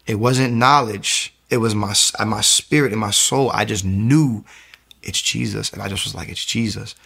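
A man's voice: on the low side, normal speed, gravelly, breathy edge. A young man giving a conversational faith testimony, telling his story with energy and acting out the people he quotes. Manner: animated storytelling, acts out quoted voices.

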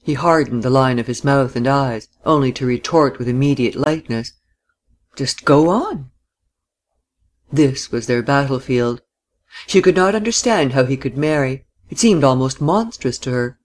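An audiobook narrator reading literary fiction in a measured, even manner. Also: medium pitch. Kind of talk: scripted narration.

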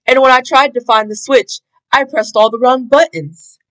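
A woman reading a storybook aloud, voicing a flustered, apologetic male security guard who explains himself sheepishly, lower than her narration. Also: steady tone, moderate pace, fairly bright tone, poor audio.

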